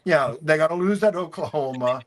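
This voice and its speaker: A man's voice: fairly high pitch, lively intonation, a little fast. A man co-hosting a sports talk show, ranting heatedly and swearing often. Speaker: podcast co-host.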